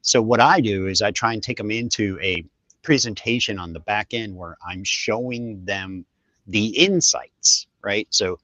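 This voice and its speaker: A man co-hosting a tech podcast, talking in a relaxed, rambling way with many fillers. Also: on the low side, a little slow, no echo, dull audio. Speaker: podcast co-host. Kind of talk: casual tech chat.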